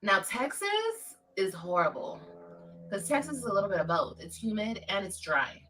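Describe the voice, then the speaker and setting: Woman from LA rambling on a stream, bright voice, kinda far from the mic. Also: medium pitch, big pitch swings, moderate pace, soft background music. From Los Angeles, California. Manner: chatty, emphatic, repeats points. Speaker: livestreamer. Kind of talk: casual livestream chat.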